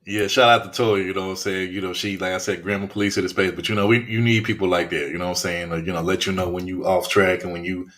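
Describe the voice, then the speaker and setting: A man's voice: low voice, fairly even intonation, fast, hardly any pauses, fairly bright tone. Laid-back young man hosting. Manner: laid-back, repeats "you know what I'm saying". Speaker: podcast host. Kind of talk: casual livestream chat.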